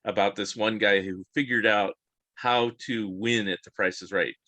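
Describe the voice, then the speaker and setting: A man hosting a podcast, asking rambling, halting questions in a casual interview. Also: on the low side, fairly even intonation, pushed and bright, no room sound. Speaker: podcast host.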